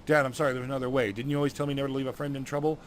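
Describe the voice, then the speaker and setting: A man's voice: mid-range voice, little pitch movement, very fast, a little hiss or hum, close to an everyday voice. A man voicing an earnest young dwarf warrior delivering urgent news.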